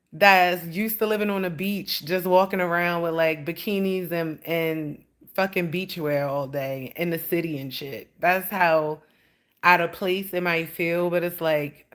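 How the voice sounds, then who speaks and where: A woman chatting on a livestream, rambling and swearing freely as she tells stories. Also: lowish voice. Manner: rambling, profane storytelling with lots of "like". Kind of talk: casual livestream chat.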